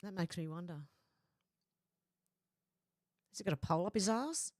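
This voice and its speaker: Aussie lady reading out her live chat, lowish voice, dry close mic. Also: lively intonation, normal speed, darkish tone, no room sound. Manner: reads viewer comments aloud, chatty and laughing. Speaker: livestream host reading chat. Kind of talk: casual livestream chat. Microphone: close desk microphone.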